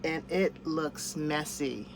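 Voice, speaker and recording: A woman vlogs her off-grid cooking while living in or beside a vehicle, chatting casually about her food and talking to her pets. Her low-pitched voice is slow, with background noise present.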